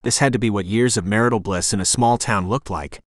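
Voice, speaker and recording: A man reading a first-person audiobook narration in a steady, even manner. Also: on the low side, fairly quick, dry recording, clean studio sound.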